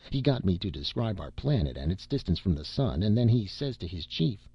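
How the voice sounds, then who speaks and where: A man's voice: fairly low pitch, very animated, fairly quick, few pauses, husky, dry recording, muffled recording. A man reading a classic satire aloud in a folksy first-person storytelling manner with rustic grammar. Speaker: narrator.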